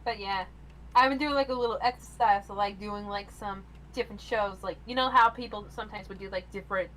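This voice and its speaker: A woman's voice: mid-range voice, a little fast, a bit bright, low-quality recording. A woman talks casually with friends on a stream, her speech loose and meandering. A faint hum runs behind her voice.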